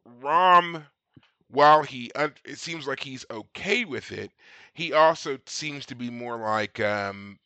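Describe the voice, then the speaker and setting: A man co-hosting a podcast, recapping scenes in casual chat and slipping in quick quoted lines. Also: mid-range voice, bright, forceful tone, no echo, lo-fi sound. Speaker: podcast co-host.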